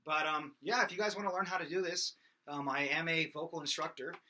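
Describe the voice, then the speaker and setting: A man's voice: fairly high pitch, fairly even intonation, fairly quick, a little hiss or hum. A young man teaching singing in a loose, rambling way, full of fillers. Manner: rambling, many fillers, breaks into loud sung demos. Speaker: vocal instructor. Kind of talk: casual singing lesson.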